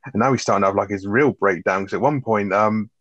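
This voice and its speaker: A man, co-hosting a podcast and retelling film scenes in a sweary, animated way. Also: on the low side, fast, no echo, highs cut off. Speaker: podcast co-host. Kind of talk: casual film review chat.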